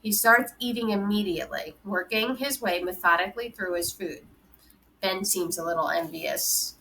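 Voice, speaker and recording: A woman reads a children's novel aloud, steady and even as she tells the story. Her voice is bright and clear, pitched in a normal middle range. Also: moderate pace, a little hiss or hum, poor audio. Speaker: audiobook reader.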